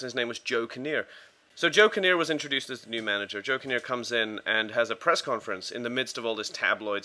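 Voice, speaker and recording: A man hosting a podcast, telling football anecdotes in a loose, rambling way full of fillers and restarts. His voice sounds bright and forward. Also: mid-range voice. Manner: rambling with many fillers and restarts, acting out quotes. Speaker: podcast co-host telling sports stories. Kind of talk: casual storytelling.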